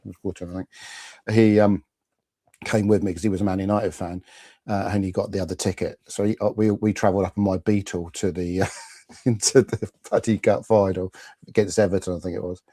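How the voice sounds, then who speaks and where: This middle-aged podcast host has a low, warm voice with a level tone and a brisk pace, recorded with no echo. He runs a casual live fan chat show on a stream, telling rambling stories packed with restarts and fillers.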